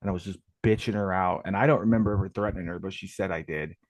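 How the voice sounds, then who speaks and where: A man's voice: deep voice, fairly even intonation, racing, a little mellow, dry recording. A man calling in to a talk show, telling long rambling stories and swearing constantly. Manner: profane, rambling storytelling. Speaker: caller. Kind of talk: casual call-in chat.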